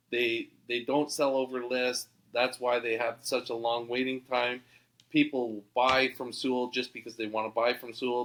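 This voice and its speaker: A man from Canada, a podcast guest, telling an animated, excitable anecdote. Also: mid-range voice. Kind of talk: storytelling anecdote.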